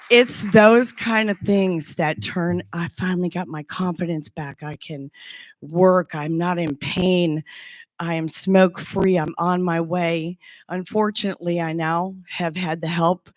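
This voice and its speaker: A low-pitched woman in her sixties tells her personal story as a former clinic patient. She speaks slowly and earnestly, stopping and restarting as she searches for words. Her voice sounds dry and close. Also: no room sound. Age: 60s. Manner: earnest and halting, with frequent restarts. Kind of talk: heartfelt personal testimonial.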